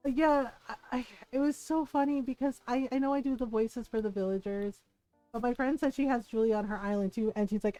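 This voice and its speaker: A woman game streamer chats casually and animatedly while she plays, laughing a lot and swearing freely. Her voice sits a touch high and is recorded close and dry on a desk mic. Faint game music plays underneath. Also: brisk, mellow, dry recording, low-quality recording. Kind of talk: casual gaming stream chat.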